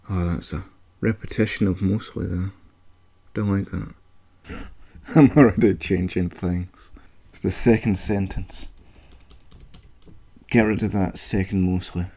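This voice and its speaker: A Scottish YouTuber with a croaky voice, casually flubbing takes and swearing at his own mistakes. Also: fairly low pitch, a little slow, long pauses, darkish tone. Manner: swears freely at his own flubs, self-mocking.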